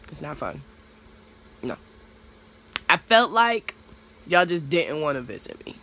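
A young woman speaking to her vlog in a candid, blunt way, swearing freely and rushing ahead when she gets heated. Her voice is bright and sharp-edged. A faint hum of room noise sits behind her. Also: sits low, big pitch swings. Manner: blunt, candid, profane, speeds up when worked up. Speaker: vlogger. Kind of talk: casual storytelling vlog.

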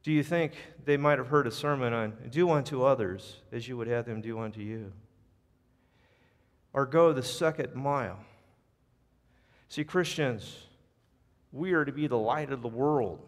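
An American man preaching a sermon as pastor, telling a story in an animated, storytelling manner. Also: medium pitch, a little slow, long pauses. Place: church sanctuary. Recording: long church reverb.

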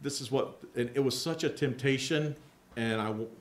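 Candid storytelling pastor in a roomy hall. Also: male voice, medium pitch, moderate pace. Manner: candid, self-mocking storyteller who acts out quoted voices. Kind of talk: conversational sermon with personal stories. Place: large rented hall used for church services.

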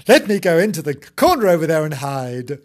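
A man voicing a cheeky, chatty little male kitten in a comic storybook reading, with high sing-song meows. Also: big pitch swings, fairly quick. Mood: playful.

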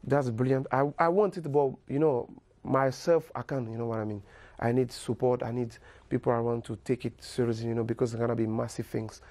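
Soft-spoken man with gravelly voice. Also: medium pitch, fairly even intonation, dry recording. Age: 30s. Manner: halting, repeats words, many "you know". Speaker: guest footballer. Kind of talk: casual interview chat.

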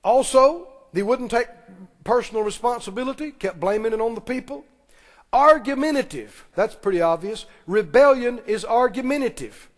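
A man preaching. His voice sits high for a man. The long reverb of a large church hall carries every phrase as he calls for answers from the pews. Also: lively intonation. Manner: preaching with call-and-response, quick asides and laughs. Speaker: pastor. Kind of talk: sermon. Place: church sanctuary.

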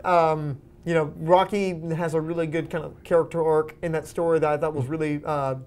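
A man's voice: on the high side, level tone, a little fast, darkish tone, clean tone. A man hosting a casual movie podcast, eager and chatty, steering the talk and asking the others for their views. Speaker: podcast host.

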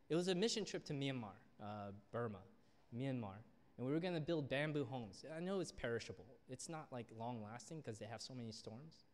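A young man preaching a sermon as a youth pastor, telling stories and acting out the people in them. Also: mid-range voice. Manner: storytelling, acts out quoted people. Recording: long reverb of a church hall.

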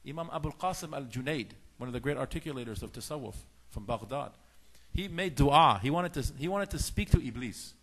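A man's voice: medium pitch, fairly quick, few pauses, slightly rough. A man giving a lecture on faith in sermon style, telling stories and acting out the lines of the people in them. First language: Farsi speaker. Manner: animated storytelling, acts out dialogue in shifting voices. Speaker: religious teacher.

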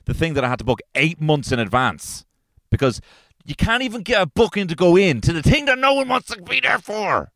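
A man's voice: fairly high pitch, big pitch swings, a little fast, pushed and bright, no echo. A man with an Irish accent hosting a solo comedy podcast from inside his car, ranting in an exasperated, profane way. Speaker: podcast host.

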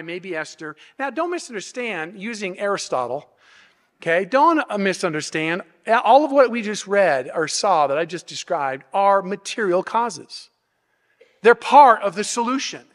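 High-voiced man preaching in a reverberant hall. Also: a bit bright. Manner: teaching, explanatory, uses rhetorical questions; frequent restarts and repeated words. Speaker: pastor. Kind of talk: expository sermon. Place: church sanctuary.

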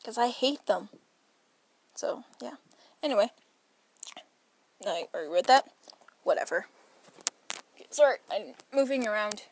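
A woman's voice: medium pitch, animated, unhurried, long pauses, a little hiss or hum. A woman giving rambling, playful commentary while playing through a story game and reading its lines aloud. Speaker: let's player. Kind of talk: casual gameplay commentary.

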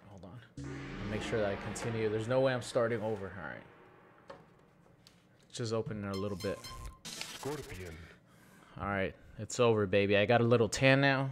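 A man's voice: lowish voice, brisk, long pauses, noisy background. A man casually commenting on his own fighting-game match, often frustrated and swearing under his breath. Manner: frustrated, swearing, muttering to himself. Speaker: gaming streamer. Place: room at home.

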